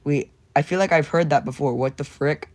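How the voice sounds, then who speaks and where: A man's voice: on the high side, a little fast. A young man chatting casually with his viewers while drawing, rambling and joking around. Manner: rambling and goofy, jumps between silly voices and whispers. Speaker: streamer.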